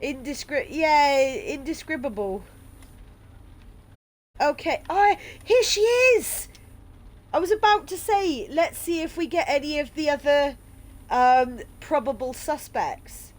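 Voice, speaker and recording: A woman's voice: high voice, expressive, unhurried. A woman streaming a game playthrough, reading its text aloud and chatting casually, swearing now and then.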